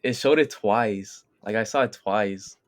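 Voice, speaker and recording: A man's voice: on the low side, measured pace. A man co-hosting a podcast in casual chat, retelling scenes in a loose, rambling way full of fillers. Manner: rambling, filler-heavy storytelling. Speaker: podcast co-host.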